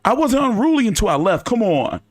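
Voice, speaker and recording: A man hosting a casual fan chat, telling stories in an animated, profane way with many fillers. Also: sits high, a little fast. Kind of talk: casual storytelling to a live chat.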